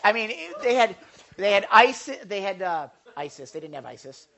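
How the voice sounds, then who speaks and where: A man's voice: sits high, very animated, moderate pace, bright, forceful tone. A male pastor giving a conversational sermon, with joking asides to the congregation and frequent stammered restarts.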